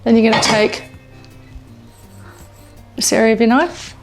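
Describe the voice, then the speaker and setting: With music running beneath her, a cooking show host from Australia leads a relaxed demo in a home kitchen. She's talkative and excitable, often exclaiming, and speaks in a fairly high voice at a measured pace.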